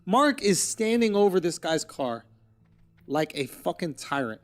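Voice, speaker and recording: Animated high-voiced young man teasing. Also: measured pace. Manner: animated, teasing storyteller, swears a lot. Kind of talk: casual chat.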